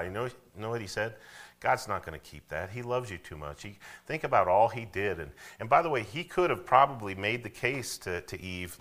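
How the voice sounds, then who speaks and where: This pastor's voice sits on the low side and sounds animated, pushed and bright at a moderate pace. His sermon is conversational, peppered with asides and invitations for the congregation to say verses with him.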